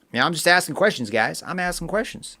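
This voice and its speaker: A man's voice: on the high side, lively intonation, quick pace, bright, forceful tone. A man hosting a live stream, chatting casually and reading viewer comments aloud with lots of fillers. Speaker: livestream host.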